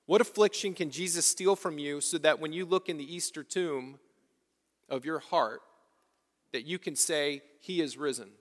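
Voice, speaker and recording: A man's voice: on the high side, moderate pace. A man preaching a sermon as pastor of his church, repeating lines and asking the congregation questions. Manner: preaching with rhetorical questions and repetition. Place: church sanctuary. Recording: long reverb of a church hall.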